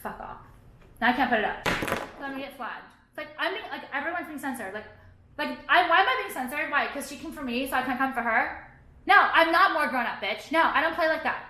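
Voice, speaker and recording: A woman's voice: high-pitched, expressive, fairly quick, bright, forceful tone, slight background noise. A woman in a profane, heated, sarcastic vlog rant. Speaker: vlogger. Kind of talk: ranting vlog monologue. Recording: echoey room.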